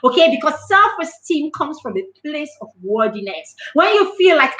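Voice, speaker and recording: A woman's voice: sits high, sing-song, moderate pace, few pauses, bright, forceful tone, roomy sound, low-quality recording. A woman with a Nigerian accent giving a parenting talk as a mentor, emphatic and acting out quoted dialogue.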